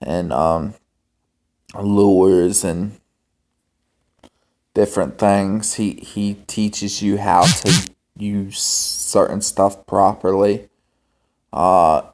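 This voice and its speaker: A young man vlogging in a casual, rambling monologue, halting with many ums and restarts. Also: deep voice, fairly even intonation, a little mellow. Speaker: homestead vlogger.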